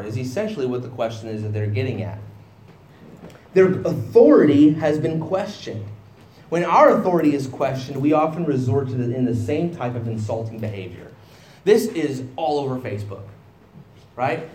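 A pastor preaches an expository sermon on a Bible passage in a conversational style, often asking "right?" to check in with listeners and acting out the voices of people in the story. His mid-range, dark-toned voice swings widely in pitch at a normal pace, in an echoey room.

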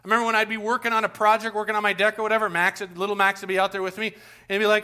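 Pastor guy giving a sermon, kinda high voice, tells fun stories right to the crowd. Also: racing, smooth. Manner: lively storytelling, talks straight to the congregation.

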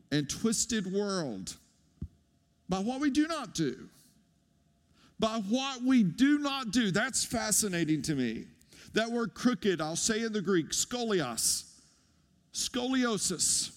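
High, slow-speaking man preaching. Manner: animated, conversational preaching with audience asides. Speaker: pastor. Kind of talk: sermon. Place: church sanctuary. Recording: long hall reverb.

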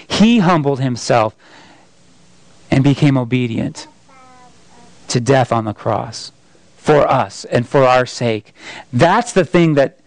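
Slow, conversational male preacher. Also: mid-range voice, dry recording, rough recording. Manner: conversational, asks the listeners questions. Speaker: pastor. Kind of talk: sermon.

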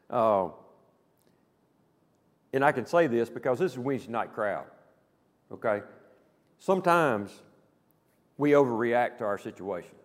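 A male pastor preaching a Wednesday night sermon, speaking conversationally with rhetorical questions and frequent checks of "okay?". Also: mid-range voice. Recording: long hall reverb.

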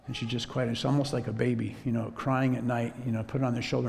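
A man preaching a sermon as a story, in a relaxed conversational way. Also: mid-range voice, fast talker, gravelly, hardly any pauses, big-room sound, a little hiss or hum. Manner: conversational, drops to a whisper when quoting himself.

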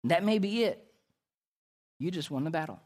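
A man's voice: on the high side, expressive, moderate pace, a little mellow. A man preaching a sermon as pastor, emphatic and repetitive, his intensity rising and falling.

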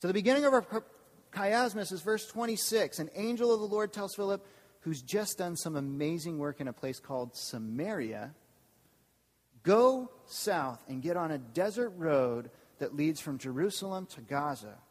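At a moderate pace, this campus pastor delivers a spirited sermon in a somewhat high voice, turning often to the congregation with questions. The church hall adds a long reverb.

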